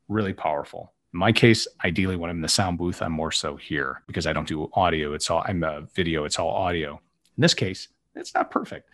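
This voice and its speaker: A man appearing as a podcast guest over a remote call. He talks casually and with enthusiasm, keen to pass on practical tips. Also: medium pitch. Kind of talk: casual chat.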